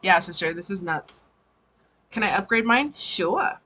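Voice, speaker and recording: A woman's voice: mid-range voice, expressive, a little slow, sharp tone, slightly rough, poor audio. A woman giving a casual, chatty live tarot reading, swearing freely and laughing often. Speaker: tarot reader.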